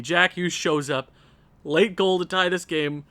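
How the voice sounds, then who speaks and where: Sharp in tone and high in pitch, a young man speaks at a measured pace with fairly even intonation over a dry recording. As a gaming video creator at home late at night, he casually comments on his own hockey video game, exasperated and pleading with his team.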